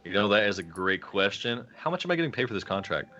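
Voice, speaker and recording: A man's voice: on the low side, big pitch swings, fast talker, bright, forceful tone, lo-fi sound, soft background music. A man playing his character in a tabletop game, earnest and meandering with filler words. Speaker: player.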